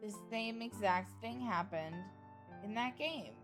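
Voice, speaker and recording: A woman's voice: on the high side, measured pace, over music. A woman streamer narrating a game playthrough in a playful manner, reading the dialogue aloud.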